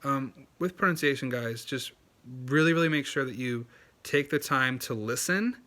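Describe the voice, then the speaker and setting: Man, bright tone, casual video host, chatty, lots of fillers, emphatic. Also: mid-range voice, normal speed. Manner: loose and chatty, full of fillers and restarts; earnest and emphatic, repeating key points. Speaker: language-learning YouTuber. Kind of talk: casual talking-head tip video.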